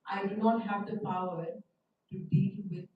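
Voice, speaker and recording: A man's voice: high voice, fairly even intonation, measured pace, very echoey, recorded from a distance, narrow, tinny audio, slight background noise. A woman voicing an anxious male king of the gods who refuses a request out of fear, in a scripture story. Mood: afraid.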